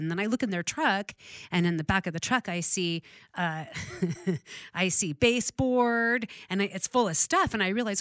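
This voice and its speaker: A middle-aged woman chatting casually, telling a lively story, acting out the voices of the people in it and laughing often. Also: mid-range voice, normal speed, no room sound, clean studio sound. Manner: animated storyteller, acts out dialogue, laughs often. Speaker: real estate investor.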